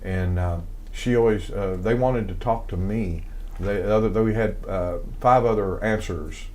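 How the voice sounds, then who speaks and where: A man's voice: on the low side, measured pace, a little mellow, slight background noise. An older man with a Southern accent, rambling through stories as an interview guest with many fillers. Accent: American Southern. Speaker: guest, music composer. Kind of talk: casual interview storytelling.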